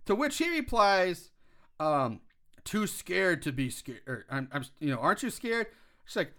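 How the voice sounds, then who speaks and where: A man co-hosting a podcast walks through a film's plot scene by scene, stopping for fillers and laughing along as he goes. His voice sits high and bright. It swings widely up and down as he talks. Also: sing-song, moderate pace. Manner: rambling recap with filler words and laughs. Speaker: podcast co-host recapping a film. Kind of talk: casual chat.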